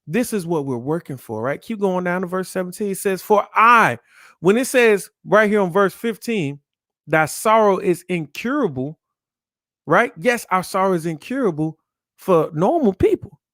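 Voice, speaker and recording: A man preaching from scripture in a high voice that swings widely up and down. He hammers his points with repeated rhetorical questions and sounds dry and close to the mic. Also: animated, normal speed, a bit bright, no room sound. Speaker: podcast host.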